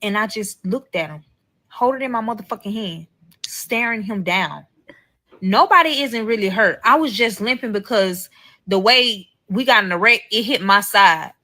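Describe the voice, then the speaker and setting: A woman's voice: medium pitch, expressive, moderate pace, bright, forceful tone. Woman telling a profane dramatic story. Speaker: storyteller in a played clip. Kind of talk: casual storytime monologue.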